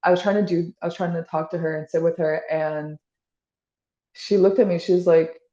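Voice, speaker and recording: A woman's voice: fairly low pitch, steady tone, fairly quick, warm tone, echoey room, lo-fi sound. A woman being interviewed, talking in a casual, rambling way with lots of "like" and restarts. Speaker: podcast guest.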